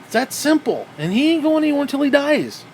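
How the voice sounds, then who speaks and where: A man's voice: very high voice, big pitch swings, fast, slight background noise. A man ranting in a wrestling review, profane and exasperated, with frequent sighs.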